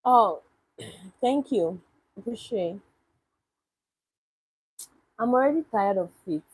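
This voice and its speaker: Woman on a livestream, husky voice, slow and dry sounding, reads comments and answers them with wry disbelief. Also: mid-range voice, animated, a little mellow, no room sound, rough recording. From Nigeria. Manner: chatty, answers viewers' questions with wry disbelief. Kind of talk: casual livestream chat reading comments.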